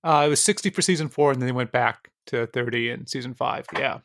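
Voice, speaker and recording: A man's voice: mid-range voice, a little fast, fairly bright tone, no echo, clean studio sound. A man cohosting a film podcast, chatting casually in a rambling, self-deprecating way. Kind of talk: casual chat.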